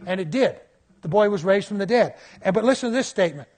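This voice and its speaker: A man in his fifties preaching a sermon, telling stories in a lively way. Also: sits high, fast talker. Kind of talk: sermon storytelling.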